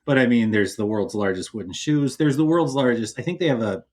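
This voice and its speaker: A man's voice: mid-range voice, brisk, a little mellow. A man with a Minnesota accent, a guest on a podcast, chatting casually and rambling with self-deprecating jokes.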